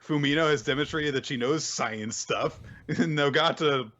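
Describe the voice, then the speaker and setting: A man's voice: a little high, measured pace, fairly bright tone, dull audio. A man co-hosting a casual podcast, chatting and laughing often. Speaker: podcast co-host. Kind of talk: casual chat.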